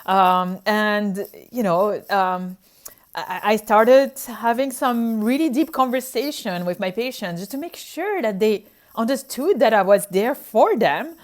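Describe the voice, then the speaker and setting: Animated French-accented woman telling stories. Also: mid-range voice, unhurried. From France. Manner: animated storytelling, acts out her own past reactions. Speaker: physician sharing her experiences. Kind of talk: casual chat.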